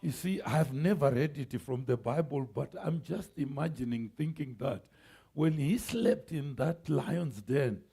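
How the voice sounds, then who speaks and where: A man preaching a sermon, calling out to the congregation, shouting and laughing as he goes. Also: mid-range voice, a little slow, gravelly, husky. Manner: animated preaching with shouts, laughs and call-and-response. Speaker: pastor. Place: church sanctuary.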